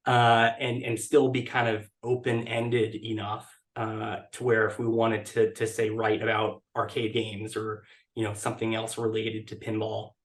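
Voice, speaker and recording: A man with a fairly low voice talks as a podcast guest over a video call. He hesitates often, repeating words and filling gaps with ums as he explains himself. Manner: hesitant, many restarts and fillers. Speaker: podcast guest, blog editor. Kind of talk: casual interview talk.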